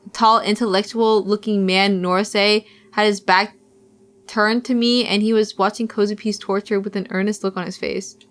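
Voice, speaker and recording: A woman's voice: mid-range voice, steady tone, normal speed. A young woman streamer reading a visual novel aloud, with playful, giggly asides to chat.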